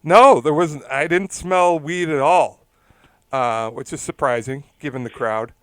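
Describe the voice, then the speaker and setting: Guy on a podcast rambling through a story, laughs a lot, smooth clear voice, dry sound. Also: fairly high pitch, measured pace, no echo. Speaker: podcast co-host. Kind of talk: casual chat.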